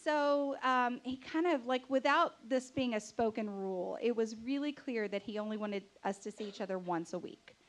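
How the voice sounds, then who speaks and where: A woman telling a personal story live on stage as a show host, chatty and animated, acting out her own outbursts. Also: on the high side, normal speed, hardly any pauses. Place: stage before a live audience.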